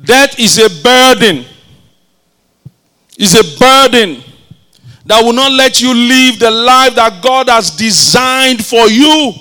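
A man's voice: very high voice, slow pace, long pauses, sharp tone. A male pastor preaching a sermon, leading his congregation in call-and-response and repeating his phrases.

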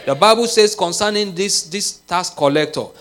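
A man's voice: high-pitched, moderate pace. A man preaching a sermon, leading the congregation in prayer and building to impassioned, repeated calls. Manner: rising to impassioned shouted prayer, repetitive cadence. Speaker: pastor.

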